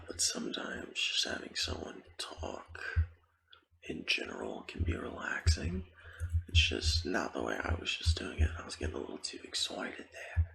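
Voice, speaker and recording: A man's voice: a bass voice, vocal fry, a bit bright. A man whispering ASMR gaming commentary and rambling playfully with goofy asides. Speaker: ASMR gaming channel host.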